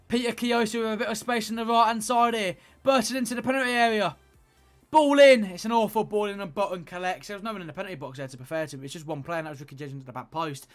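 A young man giving play-by-play commentary on his own football video game, swinging between low grumbling and shouted excitement. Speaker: gaming YouTuber playing football career mode.

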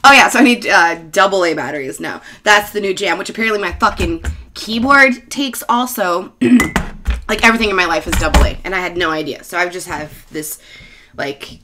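Sweary, self-mocking woman with a bright voice. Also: medium pitch, a little hiss or hum. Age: 30s. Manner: profane, self-mocking, laughs often. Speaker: bartender and show host. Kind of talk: casual rambling monologue.

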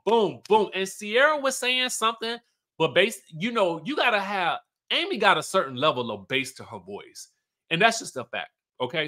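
A chatty man recaps a reality TV episode for his channel in a casual, animated way, slipping into the cast's lines as he tells it. His voice sits a little high for a man and has a bright, forceful edge. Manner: chatty and animated, acts out cast members' lines.

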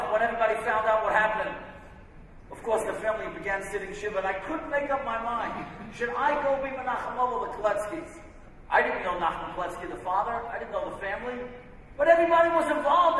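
A man's voice: very high voice, fairly bright tone, slight background noise. A man, a rabbi, giving an inspirational sermon, telling stories emphatically. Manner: storytelling, emphatic. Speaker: rabbi and speaker. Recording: echoey hall from far off.

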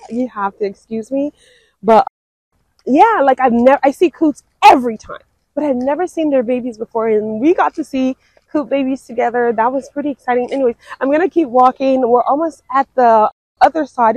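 A woman's voice: high-pitched, normal speed, darkish tone, no echo, low-quality recording. A young woman narrating a casual walking vlog in an outdoor park, chatty and full of "like" and "um". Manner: chatty, lots of "like" and "um". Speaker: wildlife vlogger.

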